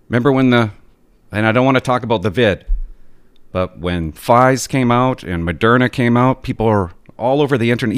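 A man talking straight to his viewers in an exasperated, animated way, ranting about his pet peeves and telling stories. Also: medium pitch, a little fast, smooth, no echo. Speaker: vlogger. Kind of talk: casual ranting monologue.

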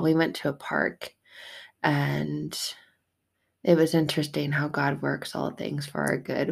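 A woman telling an emotional personal story, raw and tearful at times, swinging from hushed to loud. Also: sits low, creaky.

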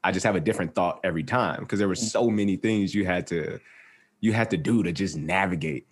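A man with a very low voice talking briskly in a casual chat. He reflects thoughtfully on his own path, with in his speech. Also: slightly rough.

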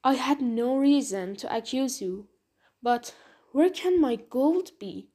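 A woman's voice: high-pitched, expressive, slow, warm tone, full character voice. A woman voicing an older male weaver, pleading and distraught. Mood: apologetic.

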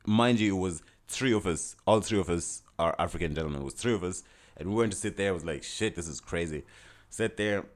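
A young man casually telling a personal story, animated and full of restarts and acted-out dialogue. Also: deep voice.

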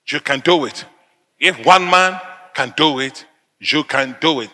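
Forceful preacher from Africa, booming hall. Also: male voice, unhurried. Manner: emphatic, repetitive declarations, sudden loud bursts. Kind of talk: sermon.

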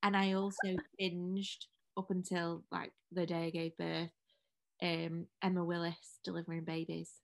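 A woman's voice: on the low side, monotone, creaky. Woman, podcast co-host, recording at home; rambling, laughing, casual chat. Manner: chatty, rambling, quick to laugh.

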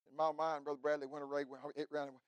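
A middle-aged man preaching a fiery revival sermon, swinging from loud cries to hushed telling. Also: fairly high pitch, little pitch movement, rapid-fire, clean tone, no room sound. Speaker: pastor.

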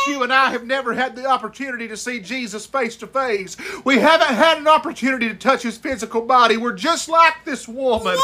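A man preaching an impassioned sermon, stretching key words and rising to shouts at the high points.

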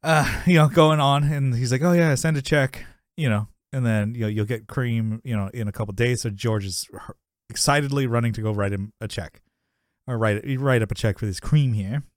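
A man's voice: mid-range voice, brisk, no echo, studio quality. A man co-hosting a podcast, recapping a sitcom episode in casual chat, rambling, laughing often and acting out quotes.

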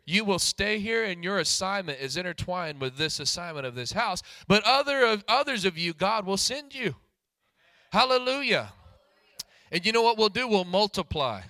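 A high, bright male pastor delivers a sermon, often swelling into shouted calls and hallelujahs. His voice is close and dry with no room sound. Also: sing-song, normal speed, no echo. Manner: preaches with rising shouts and repeated hallelujahs.

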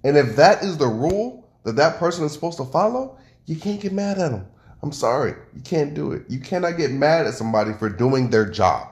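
A man co-hosting a casual home podcast, arguing loudly and with lots of energy. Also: a little high, brisk, roomy sound, a little hiss or hum. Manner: argumentative, loud and animated. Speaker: podcast co-host. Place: home room with noisy neighbors upstairs.

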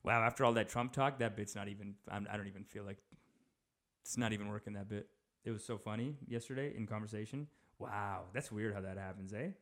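A man's voice: fairly low pitch, fairly quick, a bit bright. A man hosting a comedy podcast, talking loosely and mocking himself, full of restarts and asides. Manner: loose, self-mocking, rambling with many restarts. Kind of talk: rambling stand-up podcast chat.

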